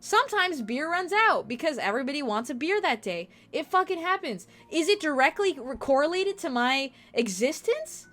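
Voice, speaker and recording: Profane, animated young woman streamer. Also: high-pitched, normal speed, few pauses. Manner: animated, profane, acts out quoted people. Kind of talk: casual storytelling chat.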